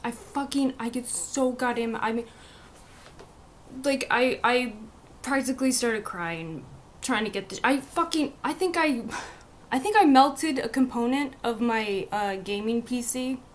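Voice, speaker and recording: A young woman talking casually to her live stream viewers through a webcam. Her voice sits fairly high, and she swears and stumbles over false starts. A faint room hum runs underneath. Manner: frustrated, swearing, halting restarts. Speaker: livestreamer.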